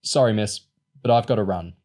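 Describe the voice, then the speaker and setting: A man voicing a cheeky, hurried teenage boy. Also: on the low side, a little mellow, close to an everyday voice.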